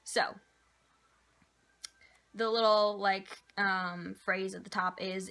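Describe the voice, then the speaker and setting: Young female vlogger, bright tone, chatty and rambling, casual Q&A delivery. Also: medium pitch, steady tone, slow pace, pauses often. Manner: chatty, rambling, with many "like" and "um" fillers. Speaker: vlogger answering viewer questions. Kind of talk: casual chat.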